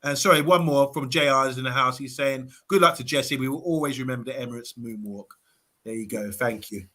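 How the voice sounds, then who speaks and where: A man's voice: mid-range voice, fairly quick, bright, forceful tone. A man on a live fan show, reading viewer comments aloud in a casual way with lots of ums and uhs. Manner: reads comments aloud with many fillers. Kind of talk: casual live-stream chat.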